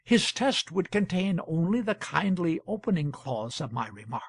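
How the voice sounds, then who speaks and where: A man reading an audiobook, voicing a townsman who defends himself before a public hall in an earnest, measured, pleading way. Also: on the high side, very animated, husky, full character voice.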